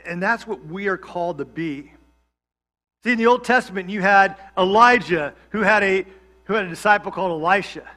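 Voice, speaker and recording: A man gives a sermon in a high, bright voice. He preaches in a loose, conversational way and slips in jokes and asides. He is a pastor who grew up in Georgia. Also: normal speed. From Georgia, USA.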